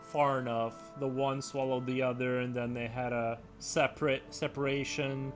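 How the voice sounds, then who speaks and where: A man's voice: mid-range voice, level tone, normal speed. Male streamer, casual rambling chat with viewers, music faint underneath. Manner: rambling, unsure, reading chat aloud. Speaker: livestream host. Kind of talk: casual chat while sketching.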